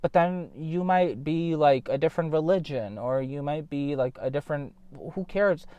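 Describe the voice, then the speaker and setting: A man's voice: fairly high pitch, normal speed, clean tone, no room sound, highs cut off. Blunt, swearing man talking to camera. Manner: blunt, profane, rambling, addresses viewers directly. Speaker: vlogger. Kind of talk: casual vlog monologue.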